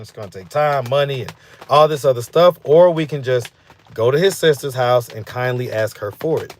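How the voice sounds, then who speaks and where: A man's voice: mid-range voice, a little hiss or hum. Easygoing man rambling on a live stream. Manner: loose and rambling, full of fillers like "you know what I'm saying". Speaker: host of a street interview channel. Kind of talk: casual live-stream chat, reading viewer comments.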